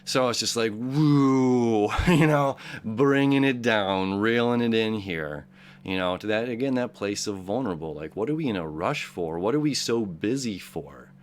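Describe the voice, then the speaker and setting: A man's voice: fairly low pitch, animated, normal speed. A man hosting a casual daily horoscope talk, earnest and encouraging, rambling with frequent restarts and repeated words. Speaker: astrology show host.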